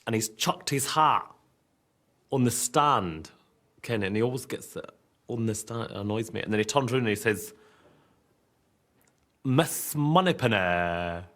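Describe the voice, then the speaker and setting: A man's voice: lowish voice, lively intonation, measured pace, pauses often, a bit bright. An actor playing a cheerful, dim, boastful young army man with a Scottish accent, chatty and easily sidetracked. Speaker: soldier in a sitcom. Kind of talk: sitcom acting.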